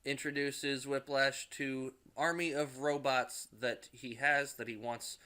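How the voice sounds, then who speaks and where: A man rambling through a movie recap, swearing freely and restarting his sentences as he goes. His voice is bright and edgy, at an ordinary pitch for a man. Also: steady tone, takes it slowly, clean tone. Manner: rambling, profane, with frequent restarts. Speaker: movie reviewer. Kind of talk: casual profane movie recap.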